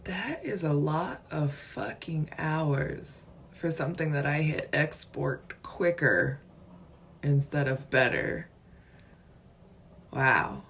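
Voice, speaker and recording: Woman, 20s, vlogger, exasperated and profane, phone held at arm's length, slightly low pitch. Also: animated, slow pace, fairly bright tone, slight background noise. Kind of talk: casual selfie video chat.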